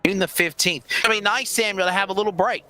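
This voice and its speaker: A man doing play-by-play commentary for a sim racing broadcast, upbeat with scripted announcer patter and quick asides. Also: sits high, pushed and bright.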